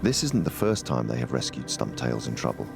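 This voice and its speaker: Male documentary narrator, extremely low pitch, gravelly, calm measured delivery, music underneath. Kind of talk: scripted narration.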